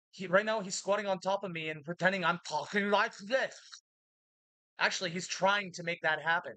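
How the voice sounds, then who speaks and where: Agitated ranting woman, bright dry voice. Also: on the low side, no echo, rough recording. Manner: agitated, bursts into shouted insults. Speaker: vlogger. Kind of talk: monologue rant to camera.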